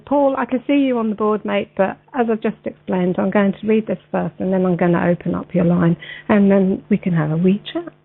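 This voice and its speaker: A woman standing in as radio show host, chatting with many ums and then reading a text slowly and deliberately. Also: mid-range voice, gravelly. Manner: many ums and uhs, friendly, says "mate" and "wee". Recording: tinny phone-line sound.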